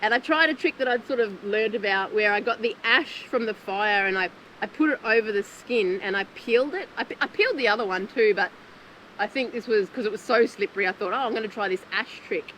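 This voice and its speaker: A woman's voice: medium pitch, a little fast, a bit bright, a little hiss or hum, rough recording. A woman talking through a show recap outdoors in nature, chatty and heartfelt, often laughing. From Australia. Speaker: former contestant recapping the show. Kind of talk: casual reflective recap.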